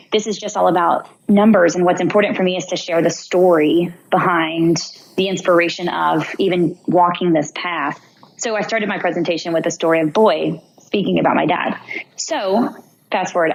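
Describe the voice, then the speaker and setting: A woman's voice: lowish voice, vocal fry, rough recording. A young woman, a podcast guest, telling a personal story vividly and acting out her own thoughts. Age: young adult. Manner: vivid narration, acts out her own inner voice.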